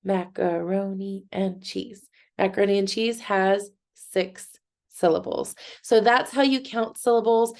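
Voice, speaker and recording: A woman teaching a recorded lesson for children, speaking clearly and encouragingly and clapping out syllables slowly. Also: mid-range voice, a little mellow.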